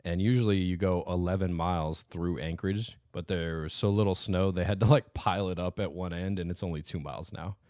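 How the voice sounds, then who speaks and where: A man's voice: low-pitched, fairly even intonation, fairly quick, few pauses, a little mellow, no echo, clean studio sound. A man co-hosting a casual podcast, laid-back and joking, often trailing off and restarting mid-sentence. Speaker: podcast co-host. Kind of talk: casual chat.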